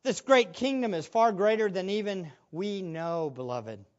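A man's voice: sits high, lively intonation, measured pace. Earnest male pastor preaching, dull recording. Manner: earnest, rhetorical questions to the congregation. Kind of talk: sermon.

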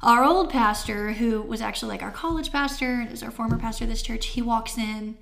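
Gravelly-voiced woman telling a painful story. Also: on the high side, noisy background. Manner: emotional, halting, many fillers. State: near tears. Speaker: interview guest. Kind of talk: personal testimony in conversation.

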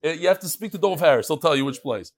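A rabbi teaches his daily class to a live audience in a study hall, keeping it casual and joking and bantering with the room between lessons. His voice is fairly high, fast, with lively intonation.

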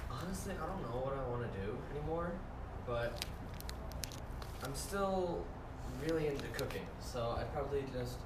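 A man's voice: medium pitch, expressive, moderate pace, long pauses. A young male student chatting casually and jokingly with his class. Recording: roomy, distant, loud noise.

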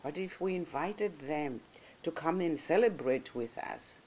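Slow, thoughtful motivational speaker. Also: mid-range voice, lively intonation, darkish tone, slight background noise. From grew up in a village in another culture. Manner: thoughtful, speaks in short phrases with frequent pauses and restarts. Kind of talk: reflective motivational monologue.

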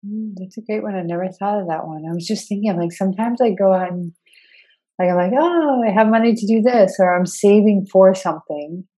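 Podcast host, woman, slightly low voice, chatty and eager, casual talk. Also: fairly even intonation, a little fast, mellow. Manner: chatty and enthusiastic, with many fillers like "like". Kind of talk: casual conversational interview.

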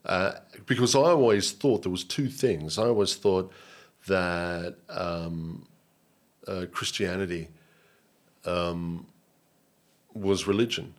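A man with an Australian accent and a low, husky voice tells an emotional personal story as an interview guest. He talks in an earnest, animated way. He often repeats himself and restarts his sentences.

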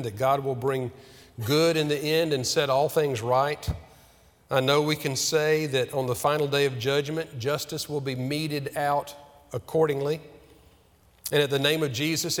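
A man preaching a sermon as pastor, earnest and questioning, slowing down on key words. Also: mid-range voice, long reverb tail.

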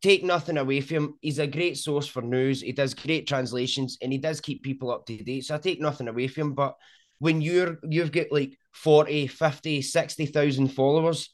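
A man's voice: a little high, normal speed. A middle-aged Scottish man with a strong Scottish accent, telling stories animatedly in a casual interview. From Scotland. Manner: animated storyteller, frequent "do you know what I mean". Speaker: sumo content creator.

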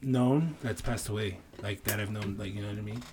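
A man co-hosting a podcast in casual chat among friends, slangy and swearing, halting and repeating himself. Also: lowish voice, noisy background. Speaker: podcast co-host.

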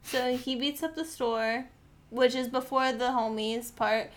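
A woman co-hosting a casual movie podcast, recapping the plot in an animated way and acting out the characters' lines. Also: a little high, a little slow. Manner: animated storyteller, acts out quotes. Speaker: podcast co-host.

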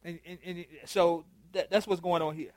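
High-voiced joking pastor. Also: male voice, fairly even intonation, moderate pace, no room sound. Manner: chatty and joking, stammers and repeats words, quizzes the congregation. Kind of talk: conversational sermon with open dialogue. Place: church meeting room.

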